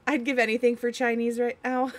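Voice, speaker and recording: A young woman streamer, reading chat aloud and giggling in casual talk. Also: a little high.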